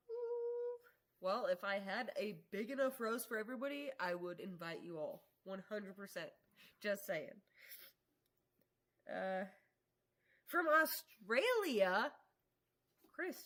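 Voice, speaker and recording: Woman, livestream host, casual chat, bright forward voice, laughs a lot, casual swearing. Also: mid-range voice. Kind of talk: casual live-stream chat. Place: home workshop.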